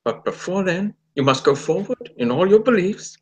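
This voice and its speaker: A man doing a playful impression of a stately old male time traveller, speaking slowly and solemnly in a raised voice. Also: high voice, lively intonation, a little mellow, slightly rough, pitched above the performer's own voice. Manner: slow, solemn, drawn out, with a "hmm".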